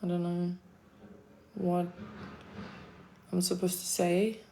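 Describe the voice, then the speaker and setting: A woman's voice: on the low side, little pitch movement, slow pace, creaky, dark tone, slight background noise. A South African woman chatting casually on a livestream, answering her chat with a laid-back manner, frequent laughs and casual swearing.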